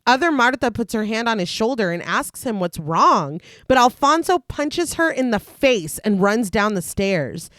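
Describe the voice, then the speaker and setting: A woman's voice: a little high, moderate pace, few pauses, no echo, studio quality. A woman co-hosting a podcast, reading a long plot recap and chatting casually. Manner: recaps plot in long lively read-through, laughs often. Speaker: podcast co-host recapping a film. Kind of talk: casual chat and plot narration.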